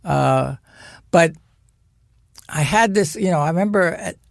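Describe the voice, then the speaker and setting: A man, a podcast guest, telling an animated, profane family story. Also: a little high, unhurried, gravelly, no room sound, clean studio sound. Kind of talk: anecdotal storytelling.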